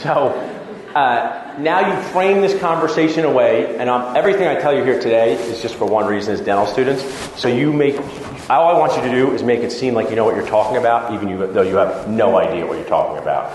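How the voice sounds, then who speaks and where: A man's voice: mid-range voice, fast talker, a little mellow, slight background noise. A man, a dentist, giving a casual, joking conference talk to dental students and acting out chats with patients. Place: large lecture hall. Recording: echoey hall with long reverb.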